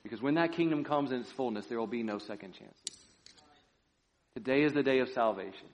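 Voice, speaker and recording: Man preaching, hushed to loud. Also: medium pitch, a little fast. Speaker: pastor. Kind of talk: sermon. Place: church.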